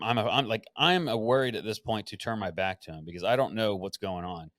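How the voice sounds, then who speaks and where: A man with a fairly low voice recounts a story on his podcast in a loose, conversational way. He gets animated, acts out what people said and swears without holding back. The recording sounds close and dry, with no room sound. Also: fast talker, hardly any pauses, no room sound. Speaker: podcast host. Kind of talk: casual storytelling chat.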